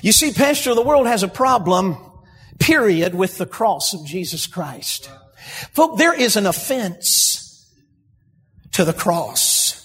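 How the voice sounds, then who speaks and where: A man preaching a sermon, building to shouted emphasis. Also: high-pitched, sing-song, slow. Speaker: pastor. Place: church sanctuary. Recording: long hall reverb, husky.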